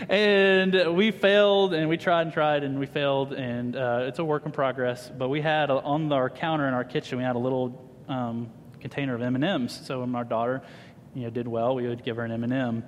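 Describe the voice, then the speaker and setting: A man in his thirties preaching a sermon to a congregation, telling funny family stories with lively humor. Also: mid-range voice, moderate pace, a little hiss or hum. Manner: animated, humorous storyteller addressing a congregation. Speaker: pastor. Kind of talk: sermon with personal storytelling. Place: church hall. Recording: reverberant church hall.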